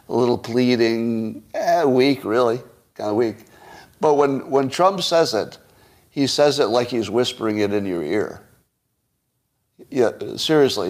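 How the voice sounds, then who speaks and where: Wry man musing on the news. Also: mid-range voice. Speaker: podcast host. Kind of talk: solo political commentary.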